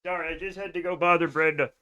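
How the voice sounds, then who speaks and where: A man streaming a space game live, chatting with his audience in an animated, joking way and swearing freely. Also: on the high side, quick pace, highs cut off. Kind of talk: live gameplay stream chat.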